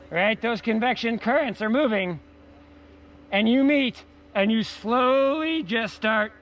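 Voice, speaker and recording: Playful guy teacher with a really high voice, outdoors, bit of traffic noise. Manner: playful, energetic, repeats key words. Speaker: science teacher. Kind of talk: outdoor hands-on lesson. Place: outdoors in snow.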